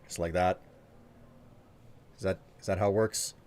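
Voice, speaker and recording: Guy streamer w a lowish voice, joking around w chat, thanking ppl by name. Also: steady tone, normal speed, darkish tone. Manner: playful, teasing, thanks viewers by name. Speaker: live streamer. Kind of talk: casual live-stream chat.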